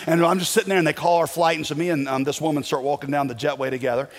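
A man's voice: fairly high pitch, very fast, few pauses, fairly bright tone, in a large hall. A male pastor telling a personal story in a casual, self-deprecating sermon style.

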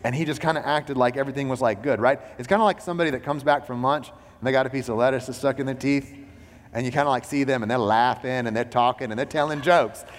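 A man's voice: medium pitch, steady tone, fast. Conversational male pastor preaching in a hall. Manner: conversational, frequent "like" and "you know". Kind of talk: sermon.

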